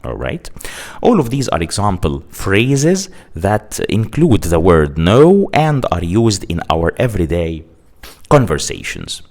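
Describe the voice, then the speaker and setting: A man with a slightly low voice gives an English grammar lesson. His pitch rises and falls a great deal as he explains. He says each example phrase slowly and deliberately and comes back to his points more than once. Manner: lively rise and fall in pitch when explaining. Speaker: English teacher.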